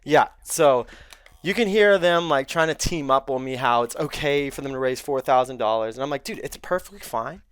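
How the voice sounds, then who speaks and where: Seorang pria tamu podcast bercerita santai dan blak-blakan, sering mengumpat dan menirukan ucapan orang. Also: male voice, mid-range voice, normal speed, clear, resonant tone, no echo. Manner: animated, profane, quotes others and himself. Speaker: podcast guest. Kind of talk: casual storytelling.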